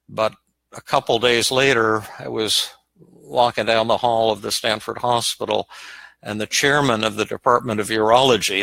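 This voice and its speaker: An older man, a psychiatrist, telling a personal story in a live question-and-answer session, halting and repeating words as he goes. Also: medium pitch, gravelly, pushed and bright, no echo, rough recording. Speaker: psychiatrist and podcast host.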